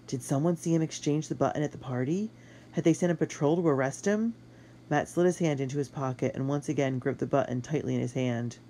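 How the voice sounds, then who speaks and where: Mellow woman reading an audiobook. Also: extremely low pitch. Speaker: author narrator. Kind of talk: audiobook narration.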